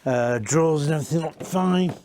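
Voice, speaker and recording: A man's voice: on the high side, fairly quick, background noise. A man giving a casual, rambling walk-around tour inside used caravans, chatting and correcting himself as he goes. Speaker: caravan industry reviewer.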